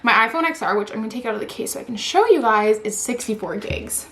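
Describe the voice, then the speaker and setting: Against a noisy background, a young woman in her twenties excitedly unboxes a new phone for her vlog, talking quickly in a fairly high voice. Every other phrase is "like" or "oh my god" as she squeals and gushes.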